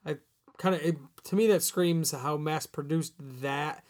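A man's voice: fairly high pitch, fairly even intonation, unhurried, a little mellow. Rambling man discussing a film. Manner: rambling, restarts, says "like" a lot. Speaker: podcast co-host. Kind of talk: casual movie discussion.

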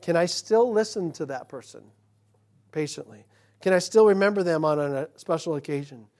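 A male pastor preaching a sermon in church, talking conversationally and swinging from loud emphasis to hushed, quiet passages. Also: on the high side, moderate pace.

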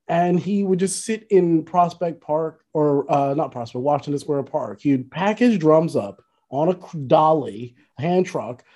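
A relaxed man swaps stories in a loose, casual conversation. His voice is mellow and warm, and he breaks into laughter often. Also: on the high side. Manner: laid-back storyteller, laughs often. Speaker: musician guest. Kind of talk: casual storytelling chat.

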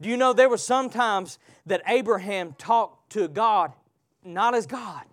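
A man preaching a live sermon. He draws the congregation in with call-and-response questions, swinging from loud passages to hushed ones. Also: high-pitched, unhurried, dry recording, studio quality.

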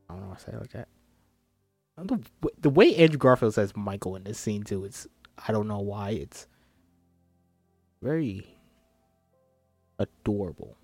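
A man's voice: lowish voice, lively intonation, normal speed, creaky, pauses often, a little mellow, breathy edge, dry recording, soft background music. A man reading a screenplay aloud and breaking off for chatty, self-interrupting asides. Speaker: script reader and commentator.

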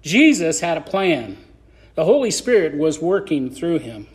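A man's voice: fairly high pitch, sing-song, unhurried. A man preaching a conversational sermon on a podcast, acting out scripture scenes in voices.

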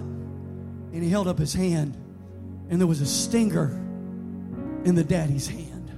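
A preacher delivering an emphatic sermon in a church, telling stories and building to bold declarations. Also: male voice, high voice, measured pace, pauses often. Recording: sermon over background music.

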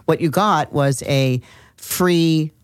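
A woman's voice: low voice, slow, clear, resonant tone, dry recording, studio quality. A middle-aged woman co-hosting a podcast, telling a story in casual chat and acting out the quotes. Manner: animated, acts out quotes in the story. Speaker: podcast co-host.

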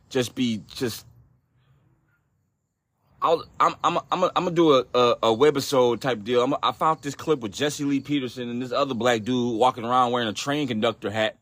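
A man's voice: medium pitch, a bit bright, dry recording. A man hosting a solo podcast, ranting in a profane, exasperated way with frequent restarts. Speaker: podcast host.

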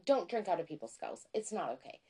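A woman co-hosting a podcast in casual chat, excitable and self-deprecating, stumbling over words when she gets worked up. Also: lowish voice, brisk, breathy edge. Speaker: podcast co-host.

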